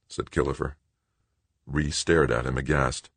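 A man narrating an audiobook in a steady, even storytelling manner. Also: a bass voice, normal speed, dry recording. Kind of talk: scripted narration.

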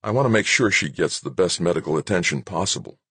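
A man voicing a belligerent young man who speaks forcefully in an audiobook. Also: sits low, expressive, quick pace, husky, dry recording, pitched above the performer's own voice, heavily acted.

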